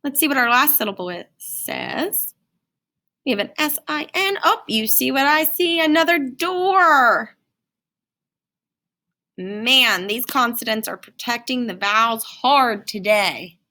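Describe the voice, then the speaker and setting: A woman's voice: on the high side, expressive, a little slow, pushed and bright. A woman teaching a phonics lesson to children in a singsong, encouraging way. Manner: singsong, encouraging, talks to young learners.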